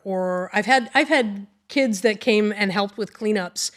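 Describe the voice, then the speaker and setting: A woman's voice: medium pitch, a little slow. A middle-aged woman being interviewed in a TV studio, telling stories in a positive, upbeat way. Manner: upbeat, warm storyteller. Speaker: guest, river cleanup organizer.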